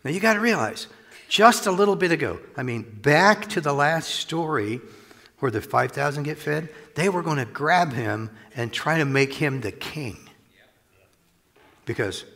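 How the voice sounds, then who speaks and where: Guy pastor preaching, gravelly and kinda husky, chatty asides, echo from a big church hall. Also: on the high side, measured pace. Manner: conversational, animated preaching with chuckles and asides. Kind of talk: sermon. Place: church sanctuary. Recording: long reverb of a large hall.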